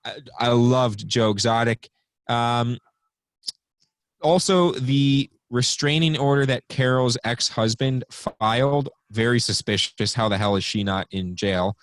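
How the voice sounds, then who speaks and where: A man's voice: mid-range voice, measured pace, slight background noise. A young man co-hosting a casual podcast, rambling through his notes with lots of ums. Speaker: podcast co-host.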